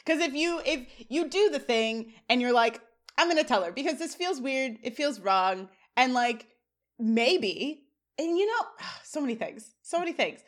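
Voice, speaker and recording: A woman co-hosting a casual podcast, chatting and reading scene recaps in an animated way. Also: sits high, unhurried. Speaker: podcast co-host.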